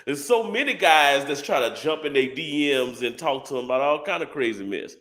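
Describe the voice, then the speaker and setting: Man, talk-show co-host, lively high-ish voice, playful and loose. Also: a little fast. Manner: animated, joking, repeats words. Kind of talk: casual live chat.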